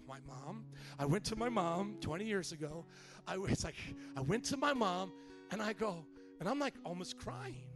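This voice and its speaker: High-voiced animated pastor, man. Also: creaky. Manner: animated, acts out quotes, casual slang. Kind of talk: storytelling sermon.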